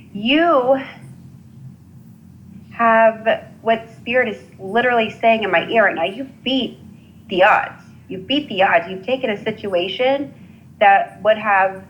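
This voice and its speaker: Earnest halting woman psychic reader. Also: mid-range voice, lo-fi sound, slight background noise. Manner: halting, many restarts and fillers, earnest. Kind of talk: live intuitive reading, casual.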